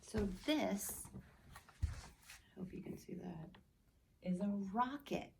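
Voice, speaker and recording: A woman teacher giving a remote lesson to young children, speaking slowly and clearly, modeling words and answers for the class. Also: medium pitch, animated, slight background noise. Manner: slow, clearly spoken teacher voice.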